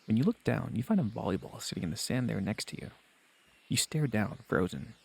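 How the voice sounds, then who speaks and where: A man's voice: fairly low pitch, lively intonation, a little fast, creaky, breathy edge. A man streaming, reading a visual novel aloud and joking with his viewers in crude asides.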